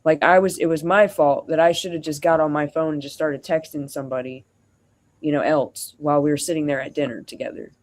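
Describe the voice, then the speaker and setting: A streamer tells a long personal story in a loose, rambling way, full of "like" and "you know." The voice sits at an ordinary mid pitch and jumps between narration and acted-out quotes of both sides of the exchange. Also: fairly even intonation, a little fast. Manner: rambling, acts out quoted dialogue, frequent fillers. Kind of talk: venting casual storytelling.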